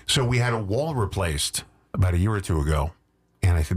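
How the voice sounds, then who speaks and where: A man's voice: sits low, expressive, a little fast. A man hosting a local radio talk show, chatting casually and rambling into jokey asides.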